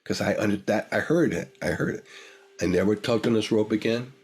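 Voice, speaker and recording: A man's voice: on the low side, brisk, darkish tone, husky. An older man, a guest, telling a personal story in a reflective, emotional way, repeating phrases for emphasis.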